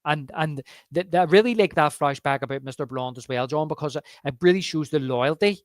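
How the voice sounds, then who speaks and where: A man's voice: a little high, a little fast, no room sound. A man co-hosting a casual film podcast, telling behind-the-scenes stories with lots of restarts and repeated words. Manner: animated anecdote-telling with frequent restarts. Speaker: podcast co-host.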